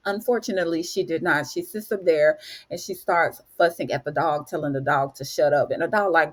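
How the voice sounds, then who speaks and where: A chatty woman with a fairly low voice loosely recaps a story for her viewers at a normal speed. She keeps calling her listeners "honey" and "y'all."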